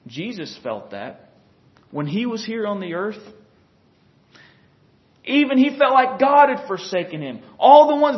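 A man's voice: very high-pitched, muffled recording. A man preaching a folksy, conversational sermon who often chuckles and talks straight to his listeners.

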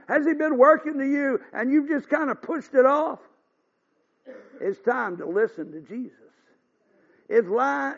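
An older man preaching a revival sermon as pastor, folksy and earnest, building to fervent exhortations. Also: very high-pitched. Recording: dull lo-fi recording.

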